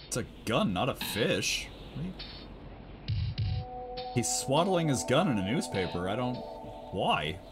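A man's voice: mid-range voice, very animated, measured pace, long pauses, over music. A man hosting a casual movie riff, sarcastic and exasperated, swearing freely as he comments. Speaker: host riffing on a movie. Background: film soundtrack.

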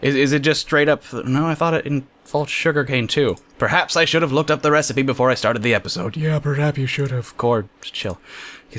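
A man hosting a casual let's-play, talking excitably and jokingly, often yelping at what happens on screen. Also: on the high side, a little hiss or hum. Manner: excitable, yelps and shouts at the game, jokey. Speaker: gamer host.

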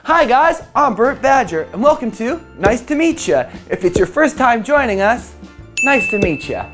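A man's voice: very high-pitched, moderate pace, faint music behind. A man hosting a children's educational show outdoors in a windy field, bubbly and goofy, talking straight to the young viewers. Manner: bubbly, goofy and animated, talks to viewers directly. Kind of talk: kids' educational show presenting.

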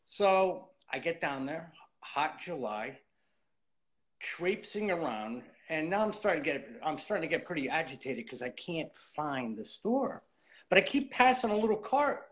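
With a fairly high, sing-song voice and a measured pace, this late-fifties interview guest recounts his story in a relaxed way. He performs past conversations as he goes.

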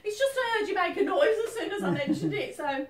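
A woman's voice: very high-pitched, animated, a little fast. Lady medium chatting to a crowd, voice jumps all over, roomy and a bit far off. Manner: chatty, keeps asking "are you with me?". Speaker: psychic medium. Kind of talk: live reading to an audience. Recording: echoey room, distant mic, faint noise.

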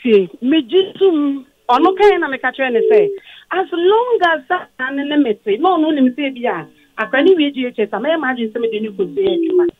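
A woman's voice: sits high, very animated, fairly quick. A Ghanaian woman calling in to a radio show, defensive and explaining at length. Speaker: caller, former guardian. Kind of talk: radio call-in talk. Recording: dull, dry phone line.

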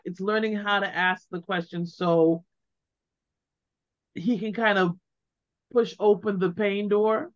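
Animated woman guest, dull lo-fi sound. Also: mid-range voice. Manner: animated, acts out the questions she suggests. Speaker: interview guest, grieving mother. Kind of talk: heartfelt conversational advice.

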